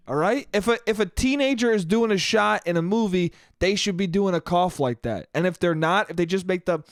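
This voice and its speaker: A man's voice: high-pitched, normal speed, hardly any pauses, no echo, studio quality. A man hosting his own podcast, telling a comic story alone, with lots of swearing and self-mockery. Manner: profane, animated, self-mocking. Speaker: podcast host. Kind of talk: solo comedic storytelling monologue.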